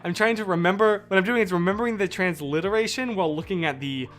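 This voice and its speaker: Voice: mid-range voice, quick pace, fairly bright tone, faint music behind. A live streamer telling a story in casual, rambling chat, often stopping to correct themself and talk to viewers.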